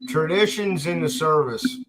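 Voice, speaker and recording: A man's voice: a little high, poor audio. A man joining a casual chat, agreeing and chiming in.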